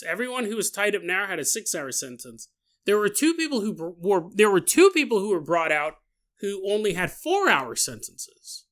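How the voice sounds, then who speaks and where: A man hosting a podcast, retelling a story in a casual, animated way with joking asides. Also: sits high. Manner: animated, jokey, laughs at own asides. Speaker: podcast host.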